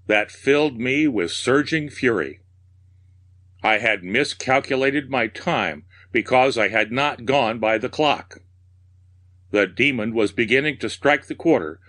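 A man reading a horror tale aloud with measured, darkly theatrical narration. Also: medium pitch, a bit bright. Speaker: storyteller.

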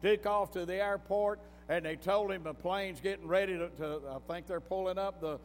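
A man's voice: high-pitched, normal speed, slight background noise. A man preaching a sermon in a folksy storytelling manner, breaking into emphatic bursts. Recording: long hall reverb with faint music.

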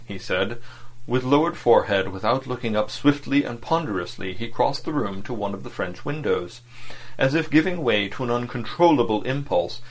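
Male audiobook narrator, lowish voice, measured and even. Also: poor audio. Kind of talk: scripted narration of a novel.

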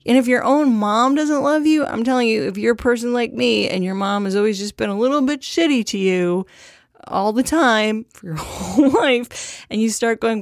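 A woman's voice: fairly high pitch, moderate pace, dry recording, studio quality. A woman talking bluntly and sarcastically in a candid monologue, swearing often, laughing now and then and mimicking the phrases of others. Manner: blunt, profane, sarcastic, quotes others in mock voices; frequent laughter and fillers.

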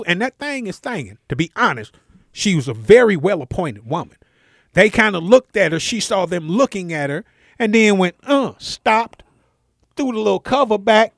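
A man's voice: high voice, dry recording, clean studio sound. A male comedian and co-host telling stories in casual radio banter, acting out the voices of the people in them. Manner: animated storyteller, acts out voices.

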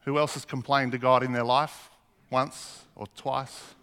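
A man's voice: mid-range voice, flat delivery, measured pace, a bit bright, smooth. A man preaching a sermon, earnest, asking the congregation questions as he reads scripture. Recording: long hall reverb.

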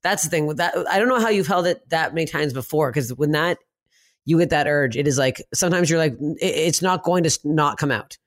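Female podcast host, casual conversation, blunt and profane, laughs along with the guest. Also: low voice. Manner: reacts with quick laughs and blunt, profane comments. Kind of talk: casual chat.

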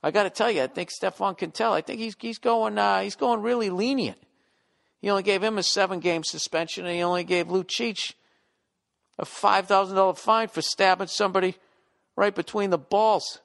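A man's voice: high voice, steady tone, normal speed, creaky, fairly bright tone. A middle-aged man ranting casually and profanely as a podcast host, sounding exasperated.

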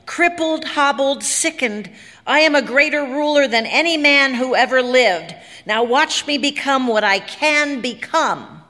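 Woman doing a huge defiant young man, commanding bellow, raised and strained pitch, long reverb behind. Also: a little slow. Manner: loud, commanding proclamations.

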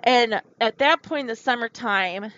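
A woman's voice: a little high, unhurried, a bit bright, no echo. A woman frankly telling her own life story to her viewers in a rambling, confessional way. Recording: dull lo-fi recording.

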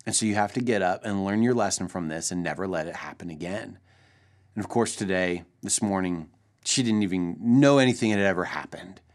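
Man, pastor, thirties, lower voice, gentle storyteller, short devotional. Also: fairly quick.

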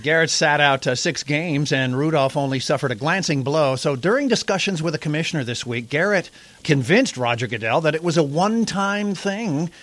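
A man's voice: a little high, lively intonation, normal speed, a bit bright, no room sound. A male radio host reading comic sports news in a wry, mock-serious way.

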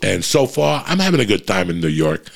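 A middle-aged man telling a rambling, profane story in a casual monologue, with a gravelly voice. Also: on the low side, big pitch swings, brisk. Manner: profane, rambling, frequent restarts.

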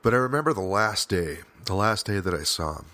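Deep-voiced man, earnest and halting. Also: animated, pushed and bright, no echo. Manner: frequent restarts and fillers, swears at times. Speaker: podcast host. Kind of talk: personal reflective monologue.

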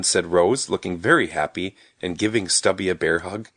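A man narrating a children's story in an expressive storybook reading. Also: sits low, moderate pace, slightly rough, no echo.

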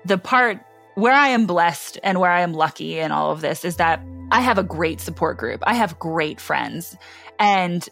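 Earnest woman with a low voice. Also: lively intonation, moderate pace, gravelly, a bit bright, faint music behind. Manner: earnest, close to tears at times. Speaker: interviewee telling her story. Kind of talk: emotional personal account.

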